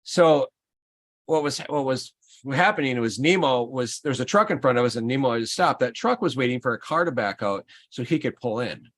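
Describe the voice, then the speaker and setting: Stream host guy, mid pitch, animated storyteller, lots of restarts. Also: brisk. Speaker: livestream host. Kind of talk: casual chat.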